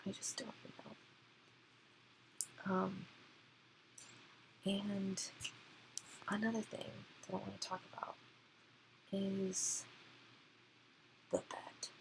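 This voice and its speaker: A woman rants about a book in a slow, rambling way, leaning heavily on fillers. Her voice has a creaky, gravelly fry, and she often sinks into a hush. Her pitch sits in an ordinary middle range. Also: flat delivery, whispered, low-quality recording. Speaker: book reviewer. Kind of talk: casual ranting review.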